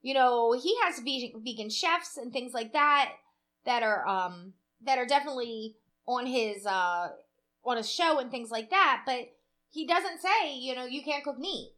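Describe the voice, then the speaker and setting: A woman's voice: fairly high pitch, expressive, unhurried, bright, forceful tone. A woman co-hosting a podcast in casual chat, opinionated and swearing freely. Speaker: podcast co-host.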